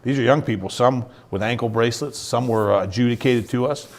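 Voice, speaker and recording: A man's voice: medium pitch, a little fast. A middle-aged man, a guest on an interview show, giving an earnest personal testimony and acting out the voices of people in his story. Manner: earnest storyteller who acts out quoted dialogue. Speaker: guest, youth ministry founder.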